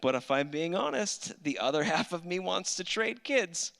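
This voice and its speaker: Bright-voiced man doing stand-up. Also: high-pitched, sing-song, moderate pace, creaky. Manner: dry, self-mocking storyteller. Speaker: stand-up comedian. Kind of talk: stand-up set. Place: comedy club stage.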